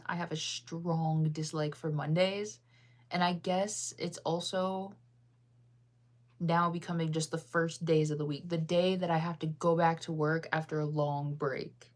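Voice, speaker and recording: A woman in her thirties from the United States, rambling in casual chat on a livestream with lots of ums and laughs. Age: 30s. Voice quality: deep-sounding voice. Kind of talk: casual chat, reading chat aloud.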